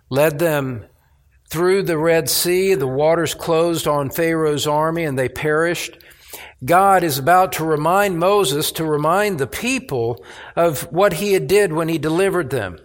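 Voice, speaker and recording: A man preaching a sermon as pastor, emphatic, with pauses and restarts. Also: on the high side.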